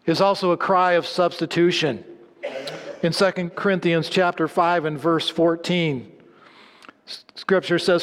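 Man preaching with dramatic hushed drops. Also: steady tone, a little slow, long pauses, a little hiss or hum. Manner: dramatic swings between loud emphatic lines and low hushed endings. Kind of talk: sermon. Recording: long hall reverb.

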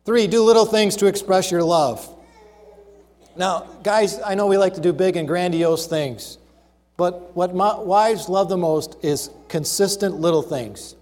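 A man delivering a sermon with a fairly high pitch for a man, emphatic and orderly as he works through numbered points. He slows down to stress his key phrases. His voice carries a long reverb, as if he is in a large hall. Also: darkish tone. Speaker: preacher.

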